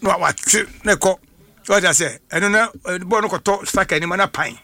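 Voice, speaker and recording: A man's voice: high-pitched, a little fast, bright, forceful tone, no echo. A man with a Ghanaian accent, a football pundit on a radio sports talk show, talking emphatically and often asking rhetorical questions in a studio.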